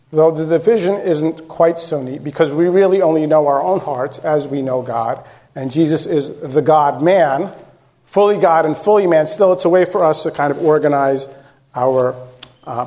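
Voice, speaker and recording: A man's voice: a little high, a little mellow. A male pastor preaching a sermon in a conversational, direct way, repeating phrases for emphasis.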